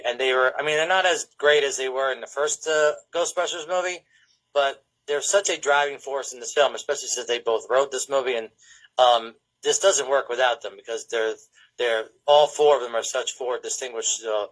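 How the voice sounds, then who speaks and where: A man's voice: medium pitch, fairly bright tone, poor audio. A man hosting a casual film podcast. He rambles, laughs often and quotes movie lines in a put-on voice. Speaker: podcast host.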